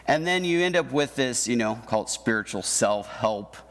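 A man's voice: mid-range voice, animated, moderate pace, a bit bright. Man preaching a chatty sermon in a hall. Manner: conversational, keeps asking "right?". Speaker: pastor. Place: church hall with an audience. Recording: long reverb of a hall.

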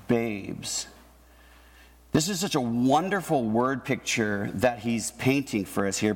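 A pastor giving a conversational sermon, often checking in with the congregation by asking "right?". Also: male voice, mid-range voice. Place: church hall with an audience. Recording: long reverb of a hall.

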